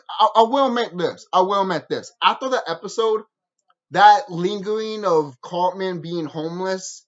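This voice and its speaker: A woman who reviews shows goes on an animated, swear-filled rant in her vlog, restarting sentences and leaning on fillers. Her voice sits low, and the recording is muffled.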